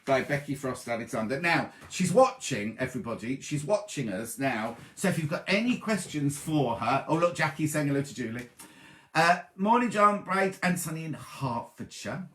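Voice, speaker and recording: A man hosts a relaxed sewing broadcast, greeting viewers one by one with chatty asides. His pitch swings a lot as he talks. The room around him sounds roomy and echoey. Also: normal speed. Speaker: sewing show host. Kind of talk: casual chat reading viewer comments.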